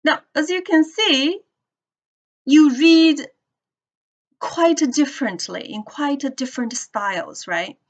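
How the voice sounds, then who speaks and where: A woman teaching English pronunciation to a class, explaining slowly and checking in with students as she goes. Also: high-pitched, muffled recording. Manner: slow, deliberate explaining with questions to the class. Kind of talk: classroom lecture.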